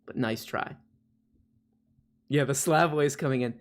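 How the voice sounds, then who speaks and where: A man's voice: mid-range voice, a little slow. A man hosting a casual live stream, rambling and laughing at himself as he reads requests. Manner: rambling, laughing, self-mocking. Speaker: streamer host.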